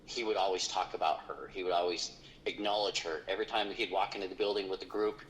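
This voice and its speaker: Low-voiced man telling a ghost story. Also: steady tone, fast talker, a bit bright, slight background noise, rough recording. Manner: rambling with frequent fillers. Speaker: paranormal investigator guest. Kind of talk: casual storytelling.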